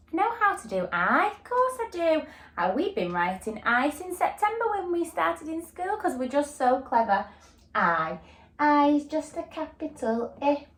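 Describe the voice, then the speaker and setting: A woman teaching a phonics lesson to a reception class, animated and sing-song, stretching words out slowly. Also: medium pitch, echoey room. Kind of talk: phonics lesson for young children.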